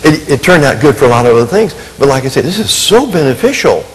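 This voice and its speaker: Lively-voiced man preaching in a hall. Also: medium pitch, fast talker, breathy edge. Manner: animated, self-mocking humor, acts out quotes. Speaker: Christian minister and family counselor. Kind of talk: storytelling sermon.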